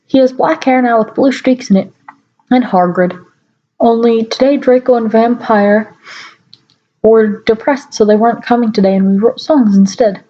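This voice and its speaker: A woman's voice: a little high, normal speed, mellow, lo-fi sound. A woman giving a mock-dramatic reading aloud, stopping now and then for wry asides, recorded at home on a laptop mic. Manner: mock-dramatic, breaks off to comment wryly. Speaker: reader.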